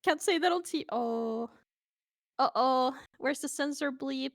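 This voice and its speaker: A woman's voice: high voice, measured pace, creaky, dry recording, clean studio sound. A woman from Sweden with a Swedish accent, chatting playfully and casually with stream viewers over a voice call. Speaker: guest on a stream.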